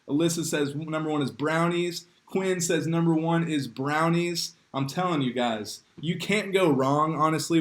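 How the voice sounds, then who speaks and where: A young man, leading a livestreamed youth group game, upbeat and joking as he reads names from the chat. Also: fairly high pitch. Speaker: youth pastor. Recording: echoey room.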